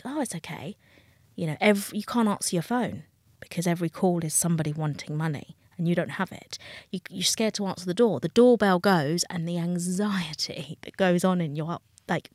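A woman's voice: mid-range voice, dry recording, clean studio sound. A woman, a dating coach talking frankly and with feeling as a guest in an interview. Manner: frank, emotional, acts out quoted voices. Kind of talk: candid interview talk.

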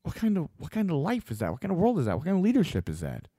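A man delivering a blunt, opinionated monologue as a host, swearing freely and getting animated. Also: on the high side, rapid-fire, breathy edge, no room sound, studio quality.

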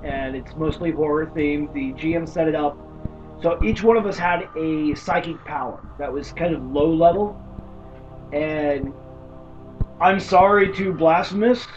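A man chatting casually about tabletop horror games, an animated storyteller who swears freely. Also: fairly high pitch, measured pace, soft background music. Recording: distant dull mic with faint background noise.

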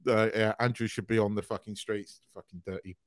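A man's voice: fairly low pitch, a little fast, no echo. A middle-aged man co-hosting a podcast, talking bluntly and swearing freely in casual chat. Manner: blunt, sweary, animated ranting. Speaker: podcast co-host.

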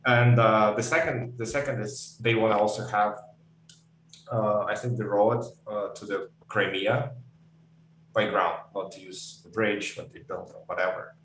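A man's voice: lowish voice, fairly even intonation, a little slow, fairly bright tone. A man from Ukraine, a Russian speaker, giving thoughtful, hedging answers in an interview. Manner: thoughtful, hedging often with "I think". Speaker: guest. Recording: echoey room, distant mic, faint hum.

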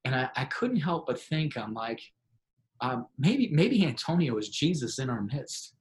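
Young male pastor guest, lively anecdote teller, middle pitch. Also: unhurried. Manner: animated storyteller, acts out excited voices. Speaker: pastor and author. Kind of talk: interview storytelling.

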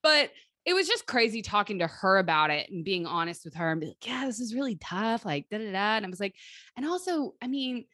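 Lively chatty woman in her thirties. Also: medium pitch, brisk, no echo, studio quality. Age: 30s. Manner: lively, animated storytelling with quoted voices and laughs. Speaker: podcast co-host and life coach. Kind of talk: casual chat.

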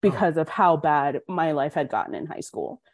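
A young woman from Colorado, a podcast guest, frankly tells her life story in a candid interview, animatedly acting out the voices of people in it. Her voice sits low at a normal speed, in a studio-quality recording with no room sound.

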